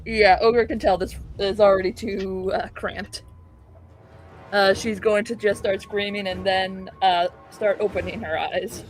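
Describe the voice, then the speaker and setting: A woman's voice: medium pitch, fairly even intonation, a little slow, soft background music. Chatty woman playing a tabletop game. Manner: chatty, loose, with many fillers. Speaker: player. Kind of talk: casual tabletop play.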